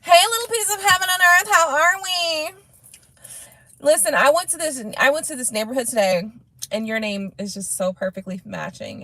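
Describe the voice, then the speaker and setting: A woman hosting a live tarot stream, reading viewer comments in a casual, animated way, laughing often and swearing freely. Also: medium pitch.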